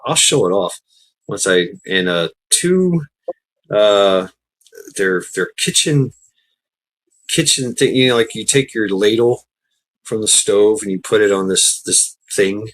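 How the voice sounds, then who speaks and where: A man's voice: lowish voice, expressive, takes it slowly, pauses often, rough recording. A man hosting a livestream, telling a casual rambling story, laughing often and swearing freely. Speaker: livestream host.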